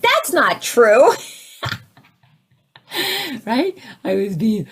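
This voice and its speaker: A woman giving a conversational spiritual talk, asking her listeners questions and turning animated as she acts out her own reactions. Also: breathy edge. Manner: animated, rising to high exclaims when acting out her own reactions; conversational, asks the audience questions. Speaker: spiritual teacher.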